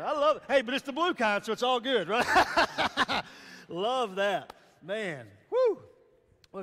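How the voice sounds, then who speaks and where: High-voiced Southern man preaching in a hall. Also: fairly bright tone. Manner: playful, joking, calls out to the crowd. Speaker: guest speaker. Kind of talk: lively chapel sermon. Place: large hall. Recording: long hall reverb.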